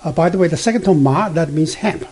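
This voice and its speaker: A man teaching beginner Mandarin, explaining slowly with many fillers and self-corrections, and spelling out letters and sounding out tones. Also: on the high side, darkish tone, slightly rough. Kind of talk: beginner language lesson.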